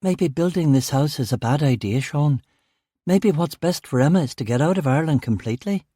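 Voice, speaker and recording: Worried young mother, high and urgent, read by a male narrator in a dry, close audiobook. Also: animated, brisk, warm tone, slightly rough, no room sound. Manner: urgent, pleading. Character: anxious young mother pleading to emigrate.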